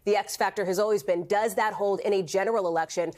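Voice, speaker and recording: A woman's voice: medium pitch, steady tone, quick pace, darkish tone. A woman giving live political analysis as a news correspondent in the studio, emphatic and analytical.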